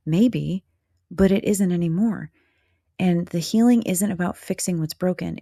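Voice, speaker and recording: A woman's voice: lowish voice, creaky, dark tone, dry recording, studio quality. A woman hosting a reflective podcast monologue, speaking candidly and directly to the listener in a motherly, blunt way. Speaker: podcast host.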